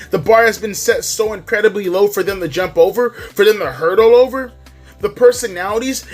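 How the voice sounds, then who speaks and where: D3: A wrestling vlogger delivers a heated, profanity-laced rant with hard emphasis. The voice sits at a middle pitch. Faint music plays in the background. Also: a bit bright. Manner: heated, emphatic, swearing constantly. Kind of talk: profane ranting commentary.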